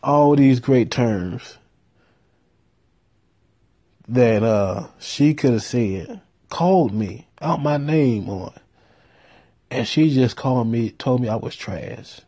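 A man telling a profane story in a laid-back way, with deadpan punchlines. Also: mid-range voice, takes it slowly, slightly rough. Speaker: storyteller host.

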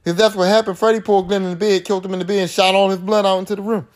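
A man's voice: high-pitched, level tone, very fast. A man hosting a podcast, recapping a horror film in a casual, profane monologue and acting out the characters' lines. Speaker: podcast host.

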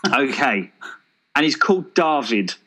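A man's voice: medium pitch, expressive, unhurried, fairly bright tone, poor audio. Chatty man riffing on film ideas. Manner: enthusiastic, jokey, thinks aloud with fillers. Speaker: podcast co-host. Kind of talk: casual chat, pitching a made-up film.

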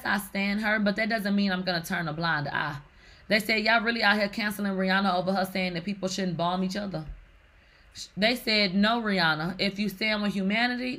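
A woman hosting casual gossip commentary in a sassy, slangy way, reading out online comments and reacting to them. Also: mid-range voice. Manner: sassy, animated, slangy, reads comments aloud. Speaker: commentary host.

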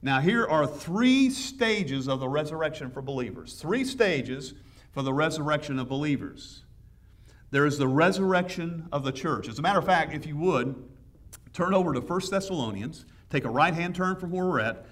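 A man's voice: fairly high pitch, expressive, moderate pace, far from the mic. A man preaching a sermon as pastor, enthusiastic and conversational, with frequent restarts. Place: church sanctuary.

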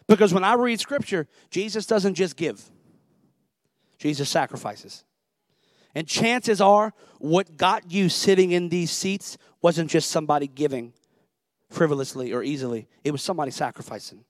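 Young guy preaching, chatty storytelling, voice a bit high, dry close sound. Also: moderate pace, dry recording. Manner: conversational storytelling, Southern phrasing. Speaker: pastor. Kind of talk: sermon with personal story.

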